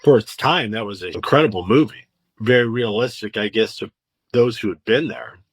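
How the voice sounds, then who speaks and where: A man's voice: on the low side, normal speed, breathy edge, dry recording. A man being interviewed about his father, answering casually in a thoughtful, matter-of-fact way. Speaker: interviewee, son.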